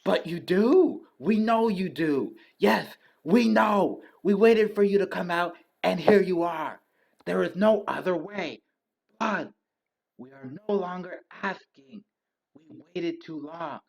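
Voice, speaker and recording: A man's voice: sits high, takes it slowly, gravelly, heavily acted. A man voicing bloodthirsty hallway monsters in a put-on Scottish accent, wheedling and menacing. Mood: furious. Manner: hissing, wheedling, then shouting demands.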